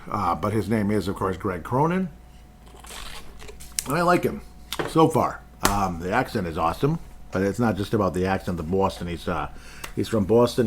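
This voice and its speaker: A man's voice: fairly low pitch, darkish tone, a little hiss or hum. A man hosting a hockey podcast on his own, rambling through casual commentary with chuckles and asides.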